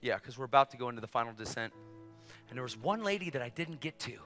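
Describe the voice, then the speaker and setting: A man preaching a storytelling sermon in a church or event hall, animated and swinging from hushed asides to shouts. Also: mid-range voice, fast. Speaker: evangelist preacher. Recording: echoey hall with faint music.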